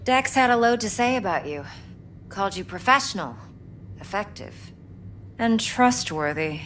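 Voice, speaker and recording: A woman playing a guarded game character who speaks in a cool, measured way. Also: mid-range voice, animated, fairly bright tone, slight background noise, natural voice.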